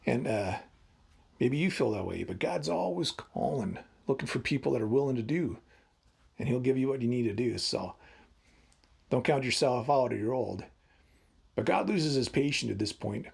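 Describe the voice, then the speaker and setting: A man in his fifties with a gravelly, husky voice, preaching in an easy, conversational way. He keeps a wry, humorous edge as he works through the story. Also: medium pitch, expressive, normal speed. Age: 50s. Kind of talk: devotional talk.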